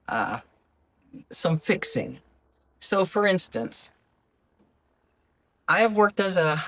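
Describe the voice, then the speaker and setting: An older woman talks alone as a life coach, her low voice swinging widely in pitch. She is gentle and animated, and often slips into little acted-out quotes of questions people ask. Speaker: podcast host, life coach. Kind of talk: reflective solo talk. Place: lives abroad in Ecuador.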